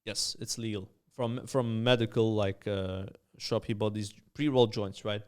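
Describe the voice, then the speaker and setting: Maltese man telling stories, smooth voice. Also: fairly low pitch, normal speed. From Malta. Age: young adult. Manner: animated storyteller, many fillers. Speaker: guest, streamer. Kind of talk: casual storytelling chat.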